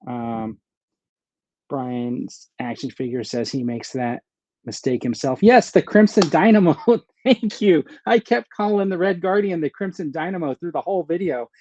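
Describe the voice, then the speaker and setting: A man's voice: on the high side, measured pace, a little mellow, no echo, lo-fi sound. A man hosting a casual live stream, rambling, thinking aloud and answering viewers' chat comments. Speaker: host of a live stream about his action figure collection.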